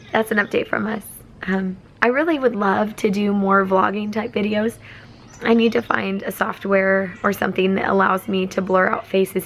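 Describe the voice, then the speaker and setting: A woman's voice: medium pitch, creaky, a little hiss or hum, poor audio. A young woman chatting casually to her phone camera at home, rambling and self-deprecating. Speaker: vlogger and foster mom. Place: home, indoors.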